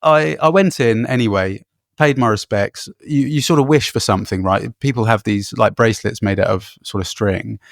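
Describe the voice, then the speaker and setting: Male podcast co-host, gravelly voice, dry close sound, rambling anecdotal delivery. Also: fairly low pitch, moderate pace, no room sound. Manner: rambling anecdotes with frequent fillers and laughs. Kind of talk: casual travel storytelling.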